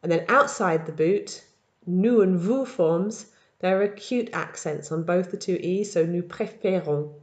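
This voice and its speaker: A woman teaching in a recorded language tutorial, explaining verb patterns step by step and modelling each form slowly. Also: on the low side. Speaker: French teacher.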